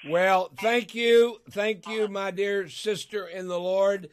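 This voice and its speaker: A man's voice: sits high, steady tone, slow pace. An older man from Arkansas with a Southern accent, hosting a call-in radio show as a pastor. He talks in a folksy, emotional way, laughs often and stretches words out for emphasis. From Arkansas, USA.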